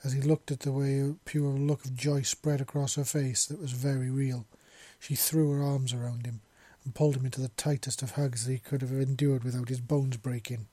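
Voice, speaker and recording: A man's voice: medium pitch, little pitch movement, moderate pace, few pauses, mellow, no echo. A man reading a romance story aloud, with small slips and restarts. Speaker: narrator. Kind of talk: amateur fiction reading.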